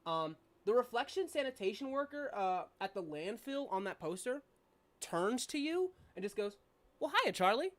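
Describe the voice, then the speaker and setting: A woman's voice: medium pitch, sing-song, moderate pace. A young adult woman narrating a tabletop game as game master, casual and rambling with fillers and swearing.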